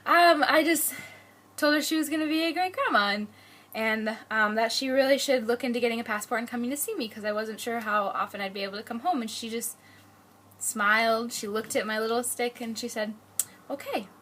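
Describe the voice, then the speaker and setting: A woman's voice: on the high side, brisk, fairly bright tone. A young woman telling family stories in a casual, chatty vlog, laughing often. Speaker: vlogger.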